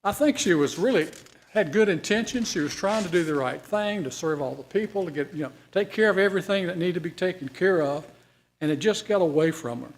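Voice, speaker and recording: Teaching an informal Bible study, this man speaks in an expressive, brisk way, his voice pitched slightly high for a man. He stays folksy and conversational, repeatedly putting questions to the group.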